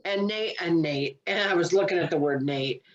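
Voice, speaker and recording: A woman's voice: on the low side, moderate pace, dull audio, a crowd in the background. A woman co-hosting a comedy podcast, chatting casually and rambling with lots of fillers. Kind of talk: casual chat.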